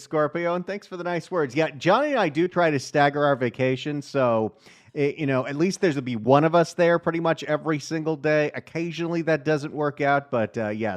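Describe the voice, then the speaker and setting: An upbeat middle-aged man runs a call-in radio show from the studio mic. He keeps up chatty patter between callers. His voice sits a little higher than most men's. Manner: upbeat, chatty, reads the phone number often. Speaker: radio talk show host. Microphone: studio microphone.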